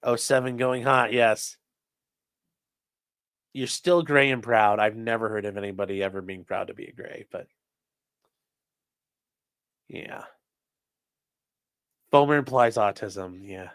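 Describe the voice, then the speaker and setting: A man's voice: lowish voice, measured pace, pauses often, fairly bright tone, smooth, dry recording, studio quality. A young man, a streamer and trial lawyer, chatting casually on a live stream, rambling, swearing and reading chat aloud.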